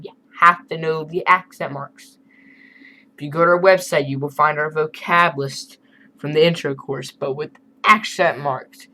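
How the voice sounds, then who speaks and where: A man's voice: on the high side, pushed and bright, a little hiss or hum, poor audio. A man teaching a beginner Spanish lesson over a screen recording, explaining in a casual, chatty way with asides.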